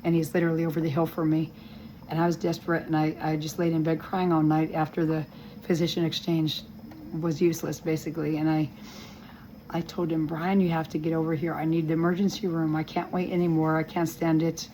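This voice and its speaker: A woman speaks from a hospital room in a lowish, weak and strained voice, halting and restarting as she talks. Her voice breaks with emotion from time to time. A faint hiss sits under the recording. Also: flat delivery, warm tone, poor audio. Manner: earnest, rambling and halting, with many restarts. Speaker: vlogger giving a health update. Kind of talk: personal video update.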